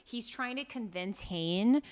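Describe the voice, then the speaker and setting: A woman co-hosting a podcast in casual chat, recapping scenes as a lively storyteller with exasperation. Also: a little high, slow pace. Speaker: podcast co-host.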